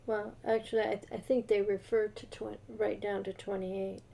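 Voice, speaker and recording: A woman co-host reading scripture aloud slowly and deliberately, then discussing it. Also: mid-range voice, level tone, gravelly, dark tone. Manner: slow, measured reading aloud.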